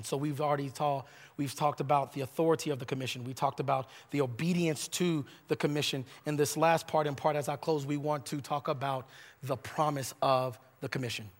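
A man's voice: fairly high pitch, long reverb tail. A male pastor preaching a sermon, building emphatic repeated phrases and stumbling into restarts now and then.

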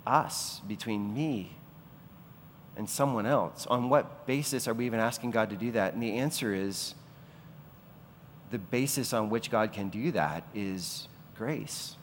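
Male pastor, mid-pitched voice, preaching with rhetorical questions and surging emphasis, echoing through a large church hall. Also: slight background noise. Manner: rhetorical questions, swelling to impassioned peaks. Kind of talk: sermon. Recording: long reverb of a large hall.

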